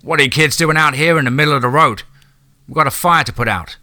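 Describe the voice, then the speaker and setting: A man voicing a gruff grown firefighter who talks in a brusque, demanding way. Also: medium pitch, sing-song, slow pace, bright, forceful tone, full character voice.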